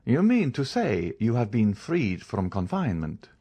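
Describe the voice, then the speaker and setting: A man's voice: medium pitch, wildly swooping pitch, a little slow, warm tone, husky, exaggerated voice. A man reading the part of a stern, commanding count disguised as a priest, questioning in an audiobook. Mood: probing. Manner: commanding, interrogating.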